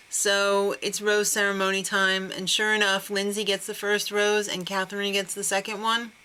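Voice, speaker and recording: A woman's voice: mid-range voice, level tone, moderate pace, hardly any pauses, pushed and bright, smooth. A woman hosting a casual TV recap, sarcastic and laughing often. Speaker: TV recap host.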